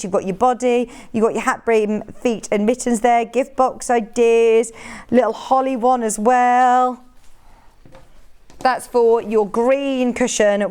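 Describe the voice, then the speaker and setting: A woman hosts a live TV sales show from a studio, her voice sitting a little on the high side. She chats along in an upbeat way, showing off each item and tagging on little questions as she goes. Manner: chatty, upbeat, asks lots of tag questions. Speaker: shopping channel presenter.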